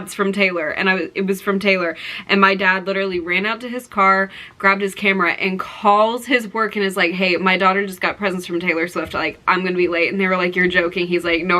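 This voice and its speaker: A young woman talks straight to her camera in a bright, crisp voice, gushing and piling on exclamations as she tells her story. Her delivery is breathless and chatty, full of little fillers. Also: medium pitch. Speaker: vlogger.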